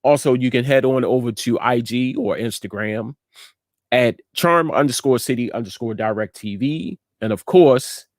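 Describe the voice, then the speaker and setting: A man hosting a live studio show, giving a slow, repetitive, emphatic word of encouragement and signing off to viewers. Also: mid-range voice, dry recording. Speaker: host and inspirational speaker. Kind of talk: encouraging message and show sign-off.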